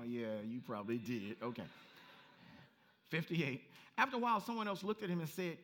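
A male pastor preaching a lively, story-driven sermon and acting out voices as he goes. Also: mid-range voice, fairly quick. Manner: animated storytelling, acts out voices, laughs.

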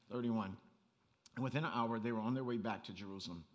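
A man preaching a sermon as pastor, animated and conversational, rising to near-shouts and breaking into laughing asides. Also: fairly low pitch, brisk.

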